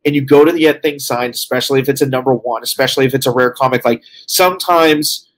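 A man's voice: mid-range voice, fast. A tired man co-hosting a casual podcast chat, rambling along with lots of fillers as he reports back. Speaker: co-host reporting from a convention.

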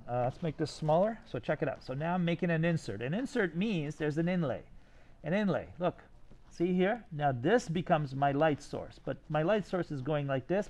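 An enthusiastic man with a slightly high voice teaches a design class, walking his students through their sketches. He speaks to them directly and keeps checking whether they follow, tossing in "right?" again and again.

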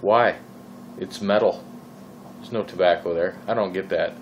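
Speaking low and unhurried, a Minnesotan man rambles through a casual vaping rant on his vlog, heavy on fillers and exasperated questions. The recording is muffled and carries a bit of hiss or hum.

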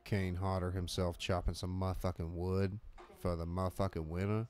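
A man's voice: low-pitched, flat delivery, normal speed, darkish tone. A man co-hosting a horror movie commentary in casual chat, profane and mocking, often jumping into silly voices. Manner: profane, mocking, jumps into joking character voices.

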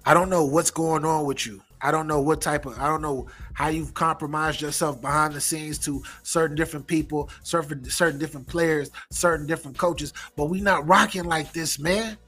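A man's voice: a little high, fairly even intonation, normal speed, hardly any pauses, fairly bright tone, faint music behind. A middle-aged man hosting a sports reaction channel, ranting emphatically, repeating himself and swearing. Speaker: sports commentary host.

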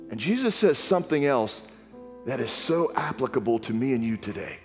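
A man's voice: on the high side, lively intonation, moderate pace, big-room sound, faint music behind. A man preaching a sermon with earnest emphasis, reading scripture aloud. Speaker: pastor. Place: church sanctuary.

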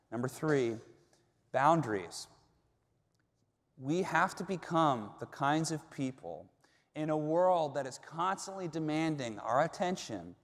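A middle-aged man preaching a sermon as pastor, talking earnestly and conversationally, turning to address the congregation directly. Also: mid-range voice. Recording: reverberant hall sound.

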